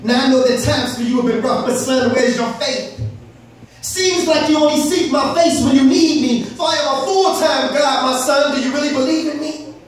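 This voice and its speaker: A man voicing God as a patient, fatherly figure who calmly admonishes, heard echoing from far off in a hall. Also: very high voice. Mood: gentle. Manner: calm, admonishing, measured.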